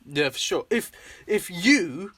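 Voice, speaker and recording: A young man with a slightly higher voice hosts a loose, casual chat. He laughs a lot, swears freely and keeps slipping into quick impressions of characters. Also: animated, fairly bright tone, dry recording. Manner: laughing, swearing often, acting out scenes in voices. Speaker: host.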